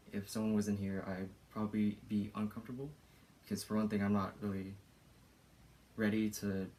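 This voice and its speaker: A man's voice: on the low side, a little mellow. A young man explaining casually and hesitantly, with many fillers.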